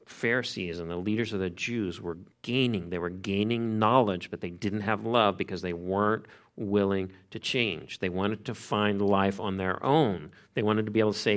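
A pastor preaching an expository sermon in a conversational, emphatic way, repeating key phrases. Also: male voice, on the low side, moderate pace, a bit bright.

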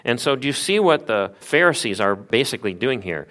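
A man's voice: medium pitch, sing-song, fairly quick, a bit bright. A man preaching an expository sermon, explaining the passage with rhetorical questions. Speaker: pastor.

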